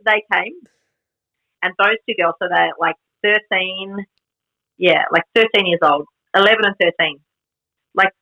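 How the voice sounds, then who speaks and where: Woman guest, bright tense tone, rambling animated storyteller. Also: medium pitch, measured pace, creaky, pauses often, highs cut off. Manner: animated storytelling, heavy use of "like", frequent laughs. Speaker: guest, jiu-jitsu black belt and camp organiser. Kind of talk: casual podcast chat.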